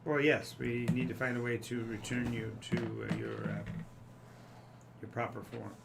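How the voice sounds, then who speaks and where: A man's voice: medium pitch, very animated, normal speed, creaky, heavy background noise. A man voicing a nervous, officious female facility official in a tabletop game, with a stammering, bureaucratic way of speaking. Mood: wary.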